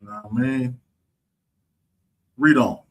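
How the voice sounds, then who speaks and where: A husky-voiced man leads an online scripture lesson, preaching with a mocking edge. He keeps checking in with his listeners, asking whether they understand. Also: medium pitch, takes it slowly. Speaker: scripture teacher.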